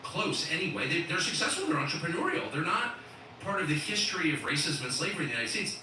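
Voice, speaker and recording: A middle-aged man hosting live commentary, talking in quick, emphatic, incredulous bursts. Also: fairly high pitch, very animated, very echoey, distant mic, noisy background. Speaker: host.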